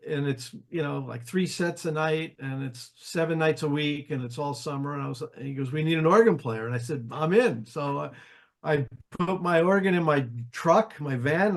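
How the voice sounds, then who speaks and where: An older jazz pianist from New Jersey, US, tells stories casually as an interview guest, his voice fairly high. He's animated, acting out quoted voices and often restarting his anecdotes.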